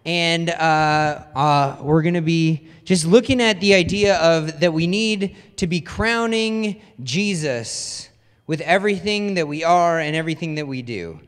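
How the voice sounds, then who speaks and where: A man's voice: fairly high pitch, unhurried, fairly bright tone, smooth. A man preaching a casual, conversational sermon as a pastor, telling stories in a chatty, self-deprecating way. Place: church hall. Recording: long hall reverb.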